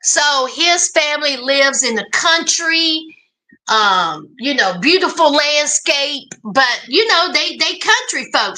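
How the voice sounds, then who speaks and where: A woman hosting a reality TV recap in casual, sassy commentary, with emphatic, drawn-out exclamations and chatty asides to the listener. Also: sits high, bright, forceful tone.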